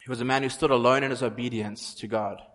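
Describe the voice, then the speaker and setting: A man's voice: mid-range voice, fairly even intonation, quick pace, a bit bright. A man preaching a sermon in an earnest way, repeating phrases for emphasis. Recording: long hall reverb.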